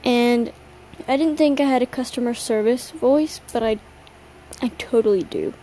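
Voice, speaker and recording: A woman's voice: a little high, normal speed, mellow, a little hiss or hum, poor audio. A young woman hosting a solo podcast late at night, tired and yawning, rambling in a slangy, self-mocking way. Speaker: podcast host. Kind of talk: casual solo chat.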